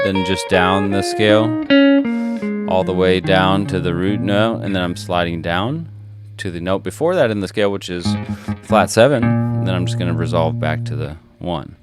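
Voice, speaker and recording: A man with a very low voice gives a guitar lesson. He explains patiently and counts rhythms aloud as he plays. Loud guitar sound fills the recording behind him. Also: moderate pace. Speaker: guitar teacher.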